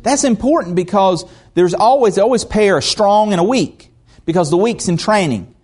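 A man preaching a sermon in a folksy, animated storytelling manner. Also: high-pitched, moderate pace, husky.

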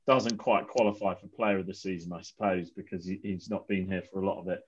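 A man hosting a casual football podcast, upbeat and gently teasing his co-hosts. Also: sits low, steady tone, fairly quick, breathy edge, dull audio. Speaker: podcast host.

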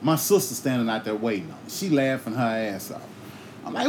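A man hosting a podcast, telling a comic story in a loose, profane, animated way and breaking into sung bits now and then. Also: medium pitch, brisk, a little hiss or hum. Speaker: podcast host.

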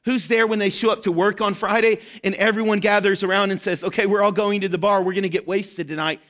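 A man preaching a sermon as pastor, impassioned and direct, rising to shouts at the peaks. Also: sits high, steady tone, quick pace.

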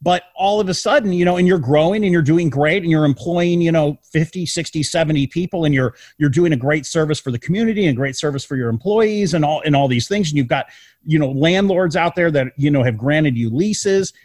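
A man's voice: a little high, fairly quick, darkish tone, no echo. A man with a slightly raised voice talks animatedly, piling up rhetorical questions and restarting his sentences. The sound is close and dry, with no room around it. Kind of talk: casual political chat.

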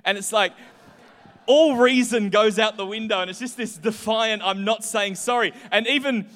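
A young man preaching a sermon, chatty and animated as he tells personal stories. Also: sits high, normal speed. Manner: chatty, animated storytelling with voiced asides. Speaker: pastor. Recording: hall reverb.

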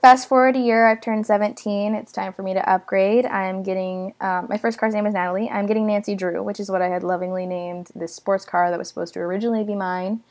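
A woman's voice: mid-range voice, steady tone, fairly quick, hardly any pauses, darkish tone. A young woman from the United States chatting casually through a personal story, self-deprecating and full of dramatic asides.

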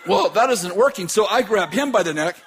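A man telling a dramatic personal story with laughter and bursts of shouting. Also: sits high, lively intonation, a little fast, background noise.

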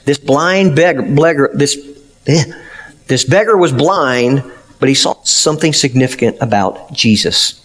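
A man's voice: mid-range voice, a little slow. A man pastor preaching a sermon, retelling a story earnestly with emphatic, plain-spoken applications.

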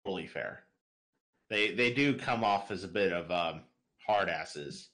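Guy cohost reading out fan questions, lively voice, dry little jokes. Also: deep voice, a little slow. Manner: reads listener questions, dry quips. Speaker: podcast co-host. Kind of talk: casual podcast chat.

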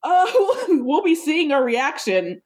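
A woman's voice: high voice, very animated, takes it slowly, a little mellow. A woman co-hosting a podcast in casual chat, joking expressively and laughing often. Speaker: podcast co-host.

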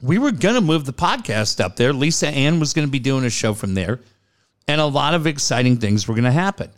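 A man's voice: mid-range voice, very animated, a little fast. A middle-aged man, a podcast co-host, telling a personal story in an earnest, conversational way. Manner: earnest, conversational, hesitant with fillers. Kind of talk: personal storytelling in casual chat.

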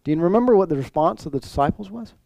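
A man's voice: sits high, expressive, very fast, gravelly, dark tone, no room sound, low-quality recording. A male pastor preaching a sermon in a conversational way, full of restarts and rhetorical questions.

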